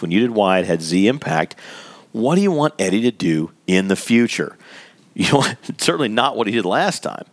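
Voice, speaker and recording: A man giving an instructional talk on workplace conversations, speaking conversationally and acting out scenarios. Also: mid-range voice. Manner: conversational, explains with acted scenarios, laughs lightly. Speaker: workplace communication trainer.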